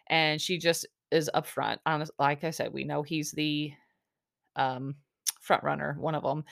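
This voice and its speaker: A woman's voice: low-pitched, dry recording, studio quality. A woman casually recapping a reality TV episode in a chatty, opinionated way, full of "like" and "um". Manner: chatty, filler-heavy, with frequent "like" and "um"; opinionated storytelling.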